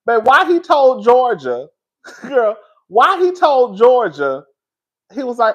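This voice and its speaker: A man's voice: very high-pitched, takes it slowly, highs cut off. A man giving casual, dramatic commentary on a reality show, talking straight to his viewers with emphatic repeats and frank swearing. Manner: animated, dramatic storytelling with emphatic repetition; swears freely and addresses listeners as "girl".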